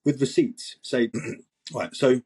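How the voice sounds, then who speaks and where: Sardonic, husky man. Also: mid-range voice, slow, mellow. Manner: sardonic, mocking, exasperated. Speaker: host. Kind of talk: sarcastic commentary monologue.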